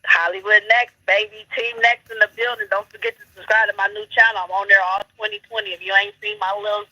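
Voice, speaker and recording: A woman's voice: medium pitch, level tone, fast, bright, forceful tone, no room sound. Brash woman caller on a phone line. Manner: brash, preachy, trash-talking. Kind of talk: heated call-in commentary.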